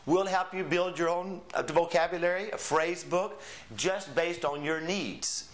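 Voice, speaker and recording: A man's voice: on the high side, measured pace. A man explaining a Spanish course in a chatty, explanatory way, dropping in Spanish phrases as examples. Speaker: Spanish teacher. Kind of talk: promotional course lesson.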